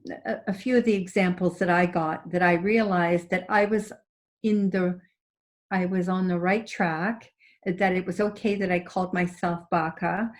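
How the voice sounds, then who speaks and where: Older lady psychic guest, chatty, animated storyteller, laughs a lot. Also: fairly low pitch, normal speed. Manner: expressive, laughs often while telling stories.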